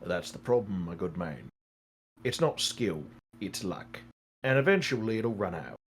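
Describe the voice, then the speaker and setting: A man voicing a calm, worldly adventurer who gives courteous, measured advice. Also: low voice, voice pushed down. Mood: advising. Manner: measured, courteous, gently lecturing.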